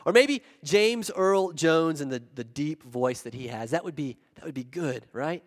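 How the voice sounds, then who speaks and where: A pastor with a South Carolina accent preaching a sermon, earnest and emphatic, with deliberate pauses and repeated phrases. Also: male voice, on the high side, expressive. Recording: long reverb of a large hall.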